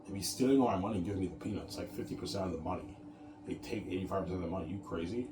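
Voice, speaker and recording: A man with a very low voice talks in a loose, rambling way, circling back to the same points and ending lines with "man." His voice rings around a reflective room over steady, clearly heard background noise. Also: very fast, reverberant. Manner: rambling, repetitive, tags sentences with "man". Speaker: show host. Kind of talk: casual rambling monologue.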